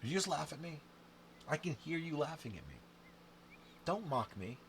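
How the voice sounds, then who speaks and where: A man playing a dice game on camera, counting scores aloud and chatting to the viewer with sudden loud outbursts. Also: a little high, moderate pace. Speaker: game instructor. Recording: steady background noise with clicks and typing.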